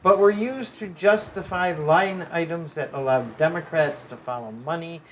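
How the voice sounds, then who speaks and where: A man's voice: a little high, moderate pace, a little hiss or hum, low-quality recording. Male co-host reading news aloud. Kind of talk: reading articles aloud with asides.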